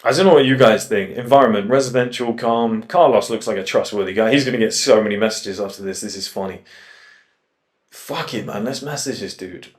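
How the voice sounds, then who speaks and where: A young man talking in a casual vlog, animated and swearing, telling travel stories with quoted asides. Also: on the low side, fairly quick. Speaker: host.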